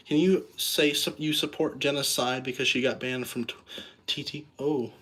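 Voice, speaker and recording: A man talks casually to his viewers, rambling and tripping over his words as he corrects himself. He pokes fun at his own nerdiness, and his voice sits at an ordinary middle pitch. A faint hiss runs under the recording. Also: fairly even intonation, normal speed, fairly bright tone. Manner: rambling, self-correcting, jokey; self-deprecating nerdy enthusiasm. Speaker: video host. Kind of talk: casual show-and-tell vlog.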